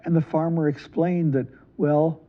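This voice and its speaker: A man with a fairly high voice tells a folk tale to children, lively and animated, popping into quick character voices. The sound is dull and lo-fi, like a modest home setup. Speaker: library storyteller. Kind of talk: storytelling for children.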